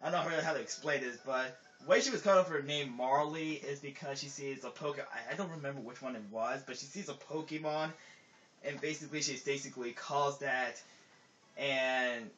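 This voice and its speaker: A man's voice: medium pitch, fairly quick, a bit bright. A man giving casual gameplay commentary, rambling, with lots of filler words, and often trailing off mid-sentence. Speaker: let's play commentator. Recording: dull lo-fi recording with game music under it.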